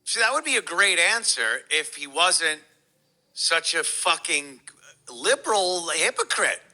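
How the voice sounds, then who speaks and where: A man's voice: on the high side, very animated, unhurried, pushed and bright, poor audio. A man giving a heated, profane, mocking reaction commentary.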